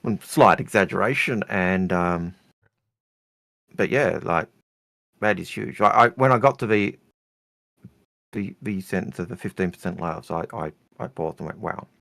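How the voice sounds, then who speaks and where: A man co-hosting a casual gaming chat, measured in manner. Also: sits low, creaky, fairly bright tone, no room sound. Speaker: co-host.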